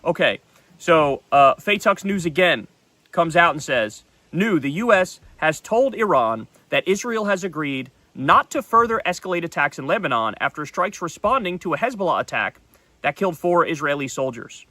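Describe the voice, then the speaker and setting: A man's voice: fairly high pitch, animated, normal speed, pushed and bright, no echo. A man hosting a solo political commentary show, talking in a blunt, heated, profane way. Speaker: political talk show host.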